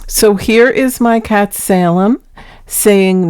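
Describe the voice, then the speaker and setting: A woman's voice: mid-range voice, lively intonation, very slow, darkish tone. A woman hosting a paranormal vlog in a casual, earnest way, explaining each clip before she plays it. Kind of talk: casual vlog narration introducing clips.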